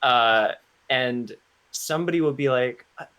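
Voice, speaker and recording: A man's voice: fairly low pitch, moderate pace, a bit bright, lo-fi sound. A man co-hosting a casual podcast chat, telling rambling stories with many restarts. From Florida. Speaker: podcast co-host.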